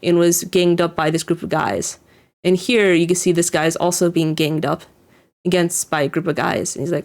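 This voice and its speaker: At a moderate pace and in a steady tone, a woman with a fairly low, slightly mellow voice comments casually on an anime episode. She rambles, relies on "like," restarts frequently, and chuckles while describing scenes.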